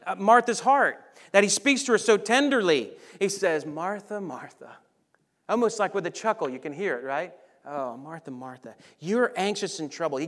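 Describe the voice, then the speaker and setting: A man delivers a sermon in a high, bright-toned voice. He preaches with lively energy, then drops to hushed, soft lines to make a point. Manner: animated preaching, dropping to soft near-whispers on key lines. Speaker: pastor.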